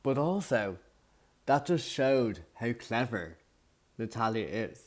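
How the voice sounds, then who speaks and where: A man's voice: medium pitch, big pitch swings, slow. A man co-hosting a podcast, a former contestant who chats enthusiastically and gossips about the players. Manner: enthusiastic, gossipy, drops his voice to mimic people. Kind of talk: casual recap chat.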